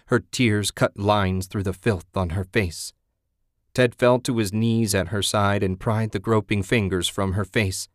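A man reading a horror story aloud in a steady, grim voice. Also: fairly low pitch, measured pace, no room sound, clean studio sound.

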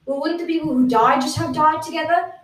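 A woman's voice: high voice, fairly quick. A woman co-hosting an improvised comedy podcast, quizzing her partner with teasing questions. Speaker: podcast co-host. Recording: roomy, distant mic.

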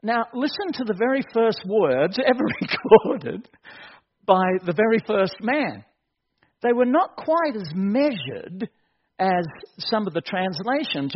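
Animated preacher man, muffled recording. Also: high-pitched. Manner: animated, joking, builds to excited shouts. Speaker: pastor. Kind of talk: sermon.

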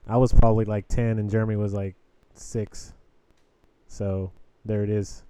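A man with a warm, mellow voice hosts a casual podcast chat. He is upbeat and playful and keeps restarting his sentences as ideas come. His talk runs loose and friendly. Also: fairly low pitch, flat delivery, normal speed, smooth. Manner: upbeat, jokey, self-interrupting. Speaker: podcast host.

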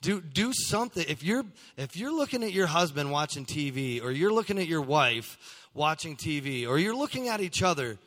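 A man's voice: a little high, normal speed. A male pastor preaching earnestly, urging the congregation to serve. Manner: earnest, exhorting, animated. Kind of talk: sermon. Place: church sanctuary. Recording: reverberant church hall.

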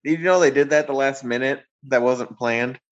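A man's voice: mid-range voice, normal speed, lo-fi sound. A man appearing as a guest on a casual movie review podcast, speaking upbeat and plain-spoken.

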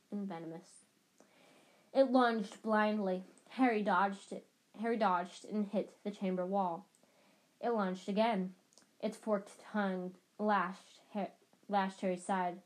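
Sex: woman. Role: audiobook reader. Style: reading a novel aloud. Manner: dramatic, repeats phrases. Pitch: medium. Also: rough recording.

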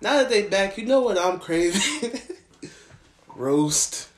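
A man's voice: high-pitched, lively intonation, slow. A man hosting a casual podcast chat, playful and laughing often as he talks. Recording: echoey room, faint noise.

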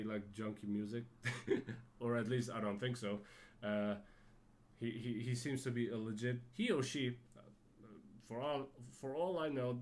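Rambling podcast host. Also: male voice, lowish voice, darkish tone. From Germany. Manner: rambling, self-correcting, laughs to himself. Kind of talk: casual solo podcast chat.

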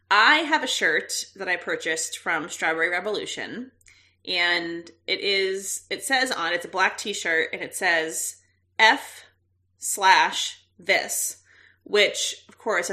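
Bright-voiced chatty woman podcaster. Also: fairly low pitch. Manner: animated storyteller, laughs often. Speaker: podcast co-host. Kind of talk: casual chat.

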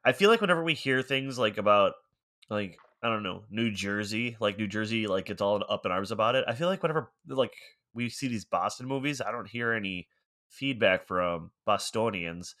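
Bright-voiced man, rambling casual chat. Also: fairly low pitch, lively intonation, moderate pace. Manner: rambling, laughs often, heavy use of "like". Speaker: podcast co-host.

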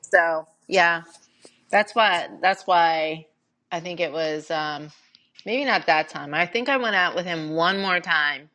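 A middle-aged woman with a fairly low voice chats candidly on a podcast. She tells her dating stories at an easy, conversational clip, padding them with ums and you-knows. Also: slow, bright, forceful tone. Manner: candid storytelling with frequent fillers. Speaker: podcast co-host. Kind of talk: casual chat.

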